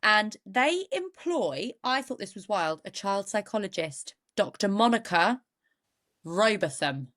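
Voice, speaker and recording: Woman podcaster, mid-pitched, casual true-crime storytelling with wry tangents. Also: animated, unhurried, few pauses, a bit bright. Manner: chatty, goes off on jokey asides. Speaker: podcast co-host.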